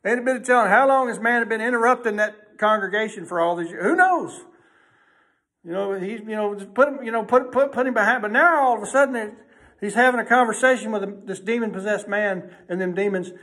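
High-voiced emphatic preacher. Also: male voice, fairly even intonation, fast. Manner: folksy, emphatic, swings from loud to hushed. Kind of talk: sermon.

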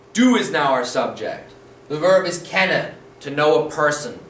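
A man's voice: mid-range voice, big pitch swings, measured pace, a bit bright, distant mic. A man teaching a video language lesson, patient and encouraging, often checking in with "okay?" as he repeats the rules. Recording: roomy echo, voice a bit off-mic, faint room noise.

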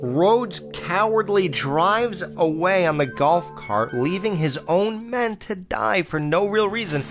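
A man's voice: high-pitched, expressive, slow pace, music in the background. Blunt, profane man reviewing a horror film. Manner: blunt and profane, exclaims and mocks characters. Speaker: podcast host reviewing horror films. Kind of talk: casual film review monologue.

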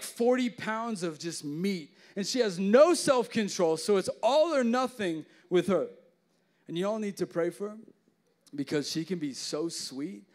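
A young man preaching a youth sermon, telling jokes and stories with lots of casual fillers. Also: high-pitched. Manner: joking, animated storytelling with many fillers. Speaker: youth pastor.

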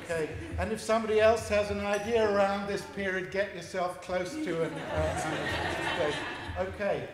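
Over a loud crowd, a man with a high, steady voice speaks a little slowly as he leads an audience through a forum theatre game in a large hall. He explains the rules in a playful, encouraging way.

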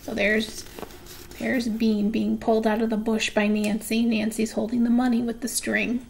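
A woman's voice: fairly high pitch, level tone, normal speed, creaky, a little mellow, a little hiss or hum, rough recording. Woman reading a children's book aloud. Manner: describes the pictures between passages. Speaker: reader.

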